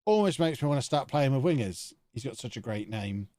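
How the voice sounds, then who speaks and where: A man's voice: mid-range voice, lively intonation, a little fast, mellow, no room sound, studio quality. A man, talking to himself in chatty commentary while streaming a video game live. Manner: chatty, thinking aloud to himself.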